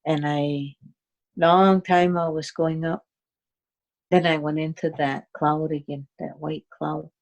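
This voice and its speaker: Slow, soft-spoken woman telling a story. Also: sits low, little pitch movement. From Cayuga Nation, Six Nations of the Grand River, Canada. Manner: halting, with many fillers and restarts. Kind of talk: slow, unhurried personal storytelling.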